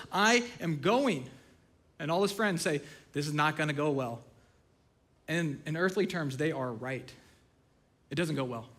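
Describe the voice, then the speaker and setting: Man, pastor, sermon, high-pitched, humorous, self-deprecating. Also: a bit bright. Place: church stage.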